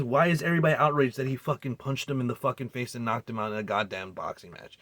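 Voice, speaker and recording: Speaking fast with few pauses, a man with a fairly bright, mid-range voice delivers a heated film recap and review full of profanity, with no echo on the recording. He's incredulous and rambling, restarting and using fillers.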